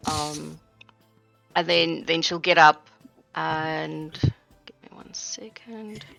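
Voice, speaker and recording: A woman narrating as game master of a tabletop game, in a relaxed way with lots of fillers. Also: low voice, slow pace, creaky, faint music behind. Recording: dull lo-fi mic.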